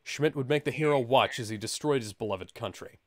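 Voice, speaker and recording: A man hosting a comedy podcast, reading a book aloud and making wry, deadpan asides. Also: mid-range voice, a little fast, no echo, studio quality. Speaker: podcast host and reader.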